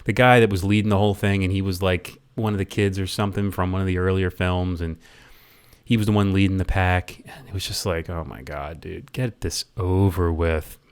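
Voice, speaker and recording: A man with a somewhat low voice gives an unscripted movie review. He talks in a loose, rambling way, tripping over his words and starting sentences again. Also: little pitch movement, brisk, clean tone. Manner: rambling, stumbles and repeats words. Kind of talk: casual review rant.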